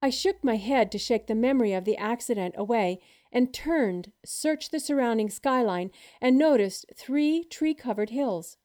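A woman narrating a first-person story as an audiobook, with a steady, measured reading manner. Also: fairly high pitch.

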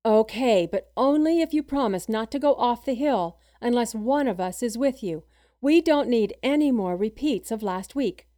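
A woman's voice: a little high, animated, moderate pace, mellow, natural voice. A woman reading a worried, protective man. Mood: concerned. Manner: earnest, concerned. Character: caring, protective adult man.

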